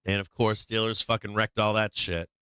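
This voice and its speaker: A man's voice: fairly low pitch, little pitch movement, normal speed, bright, forceful tone, smooth, no room sound, studio quality. A man hosting a casual live stream, swearing a lot, taunting and gleeful, sometimes breaking into a sing-song carnival barker call.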